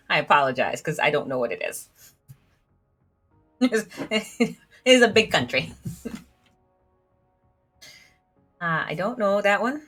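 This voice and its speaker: A woman's voice: lowish voice, big pitch swings, a little slow, long pauses, bright, forceful tone, soft background music. A woman playing a story game and reading its dialogue aloud, laughing at herself as she goes. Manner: giggly, self-deprecating, reads dialogue aloud. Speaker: gamer reading all the game's characters. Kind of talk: let's play commentary.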